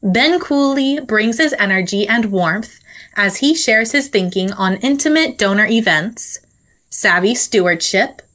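A woman's voice: on the high side, sharp tone. A woman, the show's associate producer, reading a scripted segment intro in an upbeat way. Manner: upbeat, read-aloud delivery.

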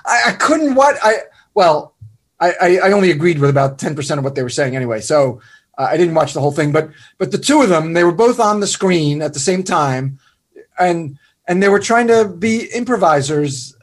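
A man's voice: a little high, animated, fairly quick. A man talking animatedly in a podcast conversation, scoffing and restarting his sentences.

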